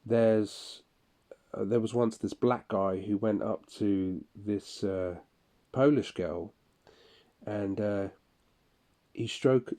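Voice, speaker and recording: A man records a personal audio diary, speaking slowly in a low voice. His tone is dark and mellow. He talks in halting, broken phrases and often restarts them. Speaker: audio diarist. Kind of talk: personal monologue recalling incidents.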